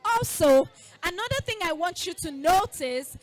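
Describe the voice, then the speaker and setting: A woman giving a lively call-and-response talk to a group of girls, coaxing them to repeat after her. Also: extremely high pitch, moderate pace. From Nigeria. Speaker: school founder speaking to girls. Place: festival event space.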